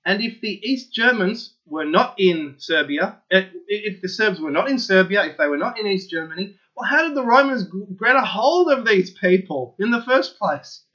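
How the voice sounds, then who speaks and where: A man hosting his own channel, giving an opinionated solo monologue to his viewers in an excitable, insistent way that keeps circling back to the same points. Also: high voice, moderate pace, hardly any pauses, lo-fi sound. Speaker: channel host.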